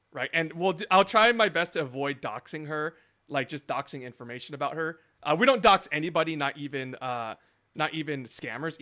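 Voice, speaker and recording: Bright-voiced man thinking aloud on stream. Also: on the high side. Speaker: scambaiting streamer. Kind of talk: live stream commentary.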